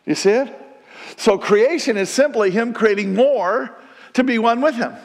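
A man preaching a sermon to his congregation in an animated, conversational way, with asides to the audience. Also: extremely high pitch, unhurried, big-room sound. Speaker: pastor.

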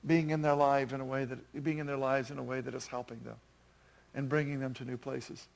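A man's voice: mid-range voice, level tone, a little fast, creaky. A man in his fifties preaching a sermon in a chatty, self-deprecating way, telling stories with animation. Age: 50s.

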